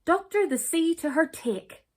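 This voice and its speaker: A woman voicing a cheerful storybook man who says his words back to front, loud and jolly. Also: very high-pitched, expressive, a little slow, pitched above the performer's own voice.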